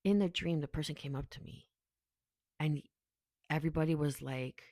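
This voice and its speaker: A woman's voice: low-pitched, normal speed, warm tone, no room sound. A woman casually giving a tarot reading, rambling and chatty as she talks straight to the viewer. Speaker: tarot reader.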